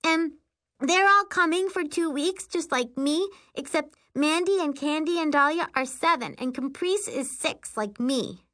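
A woman voicing a homesick six-year-old girl who talks in a high, babyish, pleading way. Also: unhurried, pushed and bright, no room sound, studio quality. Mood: chatty.

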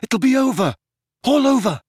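A desperate young wizard, voiced by a male audiobook narrator urges and coaxes in a strained, lifted voice. He pleads hard and fast. The sound is close and dry. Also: very high voice, animated, slightly rough, no echo, pitched above the performer's own voice, heavily acted. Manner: urgent, coaxing, pleading.

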